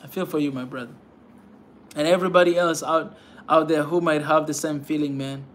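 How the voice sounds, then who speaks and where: A man's voice: fairly high pitch, steady tone, a little fast, a bit bright, a little hiss or hum. A man hosting a pan-African channel, talking to his viewers with fervent, repetitive urging and a constant "man" at the ends of his phrases. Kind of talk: impassioned livestream talk to viewers.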